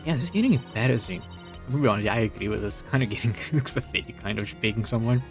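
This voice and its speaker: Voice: mid-range voice, fast talker, faint music behind. A let's-play player making wry, joking asides while playing a fan visual novel. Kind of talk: casual gameplay commentary.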